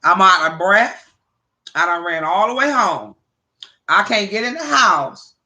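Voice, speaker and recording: A woman hosting a livestream, chatting casually with viewers and telling animated, profane stories. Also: mid-range voice, a little slow. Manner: addresses viewers by name. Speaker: livestream host.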